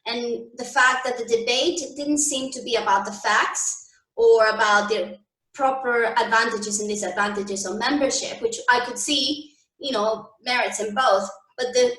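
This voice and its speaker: A woman's voice: a little high, a bit bright, recorded from a distance. Thoughtful woman, echoey and off-mic. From Canada. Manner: thoughtful, hesitant, with fillers and restarts. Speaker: guest. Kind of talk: conversational interview. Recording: echoey room, a bit off-mic.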